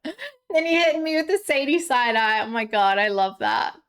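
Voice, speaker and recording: A young woman streaming live and chatting casually with her viewers. Her voice sits high, and she giggles often and leans on plenty of fillers. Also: animated, moderate pace, clear, resonant tone. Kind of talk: casual live-stream chat, reading chat aloud.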